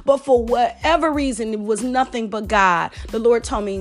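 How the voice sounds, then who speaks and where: A woman's voice: a little high, moderate pace, few pauses, faint music behind. A woman preaching a fervent testimony sermon, repeating phrases and calling out to her listeners.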